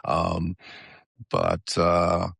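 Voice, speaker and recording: A man's voice: low voice, completely flat delivery, very slow, vocal fry, fairly bright tone, husky, no room sound. A middle-aged man with a Southern US accent, talking casually as a podcast guest, hesitant with many restarts. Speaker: podcast guest, software engineer. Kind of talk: casual interview chat.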